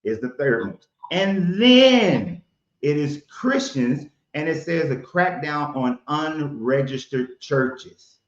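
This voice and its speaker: A man with a mid-pitched voice hosts a show and argues bluntly in a heated debate, often sarcastic. The sound is roomy and a little dull. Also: animated, takes it slowly. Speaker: host.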